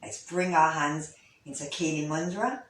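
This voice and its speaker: A woman, a yoga teacher gently guiding a breathing lesson, with pauses and restarts. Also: low-pitched. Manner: gentle, instructive, with fillers and restarts. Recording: echoey room, voice from a distance.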